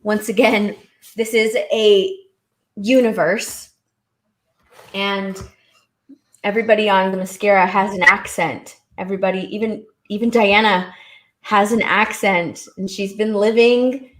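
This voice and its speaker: A woman talking casually on a livestream, with a middle-pitched voice. She rambles, trails off and restarts, and grows animated as she makes her point. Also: measured pace. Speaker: co-host. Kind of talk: casual stream chat.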